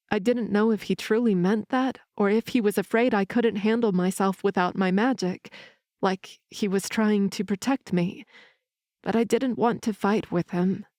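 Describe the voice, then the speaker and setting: A woman narrating an audiobook in the first person with calm, even storytelling. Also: medium pitch, no room sound, clean studio sound.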